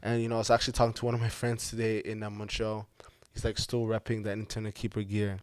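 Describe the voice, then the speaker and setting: A man's voice: on the low side, level tone, quick pace, a little mellow, smooth, no echo, clean studio sound. A young man with an African accent, a guest speaking earnestly and from the heart in casual chat, with many fillers. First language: African language. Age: young adult.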